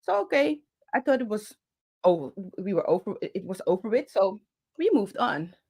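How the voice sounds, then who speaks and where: A woman's voice: mid-range voice, sing-song, mellow, breathy edge. Passionate woman telling a story. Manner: passionate, talks with her hands; halting, many fillers and restarts. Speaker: channel host. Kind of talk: personal storytelling to camera. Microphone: handheld microphone.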